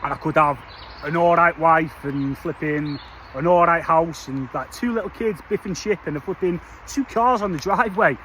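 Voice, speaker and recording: A fired-up man with a high-pitched voice delivers a blunt, slangy motivational rant straight to camera. He keeps calling the listener lad and mate. Faint street noise hums behind him outdoors. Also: normal speed, a bit bright, poor audio. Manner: passionate, blunt, slangy, peppers every line with "lad" and "mate". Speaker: vlogger.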